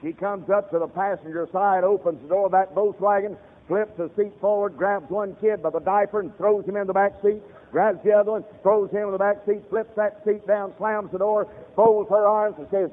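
Thin, tinny radio-style audio carries a male preacher's fiery storytelling sermon as he addresses the congregation directly. His voice is high and steady at a moderate pace with few pauses, and the sound has a big-room quality.

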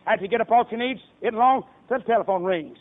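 A man's voice: sits high, fast. A man preaching a sermon in a folksy way, acting out the voices of people in his stories. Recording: tinny phone-like radio broadcast.

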